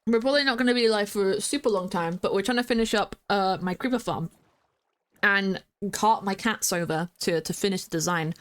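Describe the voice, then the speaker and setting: A young woman streaming a game and chatting casually with her viewers, rambling with lots of fillers and restarts and breaking into excited greetings. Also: mid-range voice, fairly quick.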